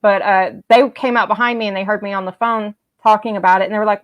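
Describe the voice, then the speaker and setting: A woman in casual fan chat who tells stories in an animated way and acts out the people she quotes. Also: mid-range voice, quick pace. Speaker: live chat co-host.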